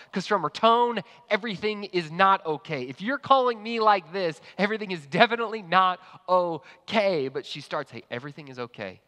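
Bright-voiced male pastor in a reverberant hall. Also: sits high. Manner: lively, conversational storyteller. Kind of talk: sermon with personal storytelling.

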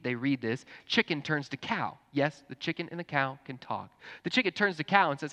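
A man's voice: on the high side, animated, a little fast, few pauses. Earnest preaching man in a reverberant hall. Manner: earnest, swings from hushed to fervent. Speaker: pastor. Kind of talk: sermon. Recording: long reverb in a church hall.

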